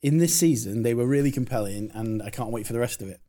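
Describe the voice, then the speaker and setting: A man's voice: mid-range voice, fast talker, mellow. A man from England, ranting bluntly and swearing in casual podcast chat. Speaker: podcast co-host.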